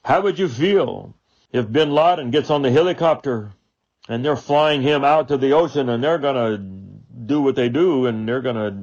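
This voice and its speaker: A man hosting a daily devotional sermon, earnest and full of rhetorical questions, swinging from loud to hushed. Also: medium pitch, gravelly, lo-fi sound. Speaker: preacher and radio show host.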